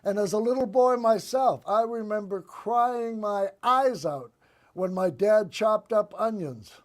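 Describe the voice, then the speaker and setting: A man hosting a political comedy show, delivering one-liners and sarcastic commentary in a deadpan monologue. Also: high-pitched, measured pace. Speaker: host.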